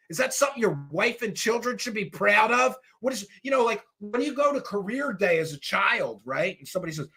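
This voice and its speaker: Angry gravelly-voiced man ranting. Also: sits high, animated, moderate pace, hardly any pauses. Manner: angry, mocking, sarcastic, shouts at times. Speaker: host. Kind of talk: ranting commentary.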